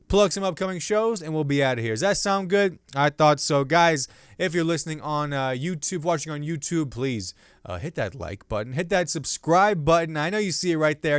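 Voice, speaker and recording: A male comedian hosting his own podcast, riffing loosely on the news with self-mocking jokes and sudden loud bursts between hushed asides. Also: a little high, clear, resonant tone, dry recording, clean studio sound. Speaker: podcast host and stand-up comedian.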